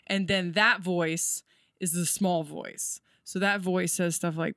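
A woman's voice: on the low side, level tone, takes it slowly, a bit bright, dry recording, clean studio sound. A woman comedian guesting on a podcast, explaining spiritual ideas in a rambling, casual way with many fillers.

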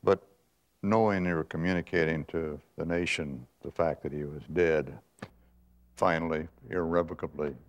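An older man, a veteran newsman, telling stories in a measured, reflective way with frequent pauses and restarts. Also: very deep voice, fairly even intonation, highs cut off. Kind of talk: reflective conversational storytelling.

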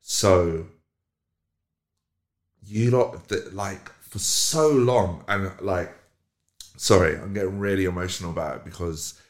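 A very deep-voiced man talking in a casual podcast chat. He is emphatic and animated. He sounds roomy and echoey. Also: slow pace, long pauses. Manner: animated, emphatic, swings into loud mocking voices. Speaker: podcast co-host.

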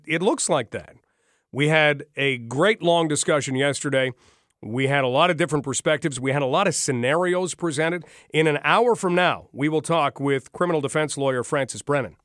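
A man hosting a talk radio show, speaking conversationally and briskly, addressing listeners directly. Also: a little high, fairly bright tone, dry recording, studio quality. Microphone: studio microphone.

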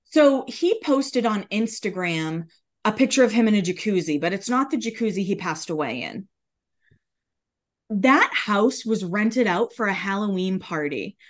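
A woman co-hosting a casual pop culture chat, passing on gossip in an expressive, chatty way. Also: medium pitch. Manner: gossipy, expressive, quick asides. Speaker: podcast co-host.

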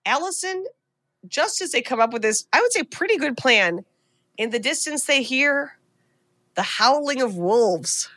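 Bright animated woman podcast host. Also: high voice, unhurried, a little hiss or hum. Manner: animated, swears and laughs while retelling scenes. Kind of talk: casual movie recap chat.

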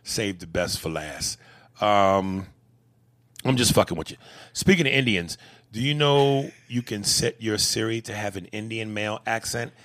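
Profane, bright-voiced podcast host. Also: male voice, on the low side, unhurried. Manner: profane, laughing, animated reader. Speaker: podcast host reading listener emails. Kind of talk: casual chat.

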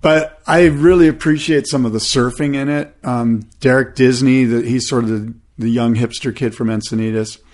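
A man's voice: medium pitch, moderate pace, few pauses. A man co-hosting a podcast, chatting casually and telling rambling stories, acting out the people he quotes. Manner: rambling storyteller, animated quoting. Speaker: podcast co-host. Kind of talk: casual chat.

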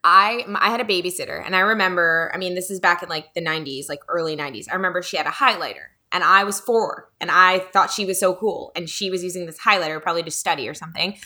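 A woman in her thirties tells a story on her podcast with a bright, forceful voice. She chats casually and slips into the voices of the people she quotes. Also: on the low side, fast, hardly any pauses. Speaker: podcast host. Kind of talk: casual chat.

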